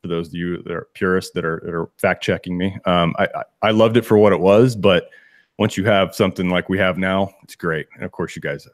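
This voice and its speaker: Co-hosting a sports podcast from his home studio, a man chats casually, rambling through restarts and laughing asides. His deep voice is fairly even and quick, and the recording is dry.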